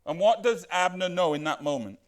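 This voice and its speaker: Male pastor, high register, casual sermon delivery, lots of rhetorical questions. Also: lively intonation, brisk. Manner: conversational, rhetorical questions, acts out quoted lines.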